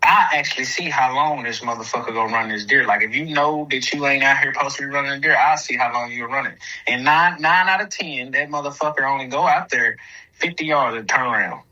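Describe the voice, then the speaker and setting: Bright-toned man, profane and rambling. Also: mid-range voice, a little fast, low-quality recording. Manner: profane, rambling storytelling in dialect. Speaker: guest, hog dog trainer. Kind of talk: casual podcast chat.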